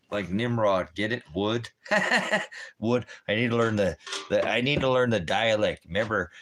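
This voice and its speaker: With a fairly low pitch and a fairly bright tone, a man hosts a ministry stream from home. A dog and a fire are with him as he rambles casually, leaning on puns and rhyming wordplay.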